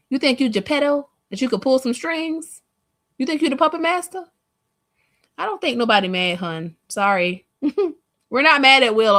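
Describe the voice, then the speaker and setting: Unhurried, sassy woman streamer with blunt, salty reaction commentary. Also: fairly high pitch, a bit bright. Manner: sassy, blunt, swears and laughs often. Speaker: streamer reacting to social media posts.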